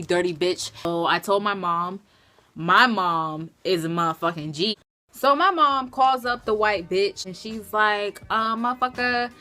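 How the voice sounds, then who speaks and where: A young woman telling a storytime vlog in an animated, profane, emphatic way. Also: mid-range voice. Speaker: vlogger.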